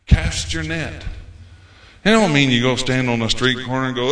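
A man preaching a folksy, animated sermon as a visiting preacher. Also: medium pitch, moderate pace. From United States. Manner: folksy, animated, acts out quoted voices. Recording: echoey room.

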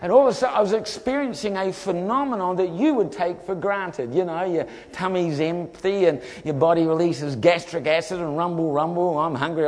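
New preacher, slightly high voice. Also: male voice. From New Zealand. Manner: lively storyteller acting out voices. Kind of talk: humorous testimony sermon. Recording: long hall reverb.

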